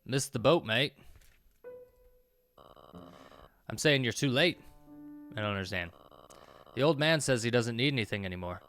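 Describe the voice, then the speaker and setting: A man doing a surly rough stranger. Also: mid-range voice, expressive, fast talker, sharp tone, faint music behind. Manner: blunt, dismissive, calls people mate.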